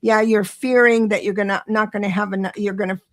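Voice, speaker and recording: Middle-aged woman, gravelly voice, warm chatty live tarot reader who gets excited and speeds up. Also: mid-range voice. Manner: chatty, reassuring, talks to viewers directly; excitable, rushes then slows down. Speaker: astrologer doing live tarot readings. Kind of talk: live-stream tarot reading.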